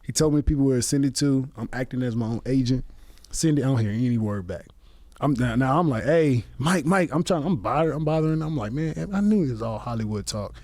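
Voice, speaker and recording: A man's voice: medium pitch, quick pace, dry recording. Man telling a profane story. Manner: animated, profane anecdote telling with quoted voices. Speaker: comedian guest. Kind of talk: casual storytelling. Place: podcast studio.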